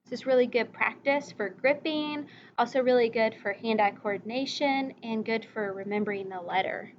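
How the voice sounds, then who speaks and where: A woman teacher giving a recorded reading lesson, slowly modeling vocabulary words and letter sounds for young children and their parents. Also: on the high side, muffled recording, slight background noise.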